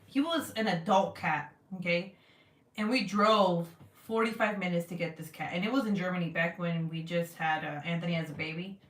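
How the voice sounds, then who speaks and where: A woman's voice: fairly low pitch, moderate pace. A woman vlogger in her thirties chatting casually and bluntly, swearing freely as she tells a story. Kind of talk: casual chat to camera. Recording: roomy, from a distance.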